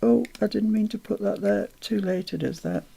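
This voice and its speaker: A woman's voice: mid-range voice, expressive, normal speed, creaky, slightly rough. A woman hosts a casual crafting livestream. She talks through each step, mutters to herself as she works, and greets viewers in the chat cheerfully. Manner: chatty, greets viewers brightly, mutters to herself while working.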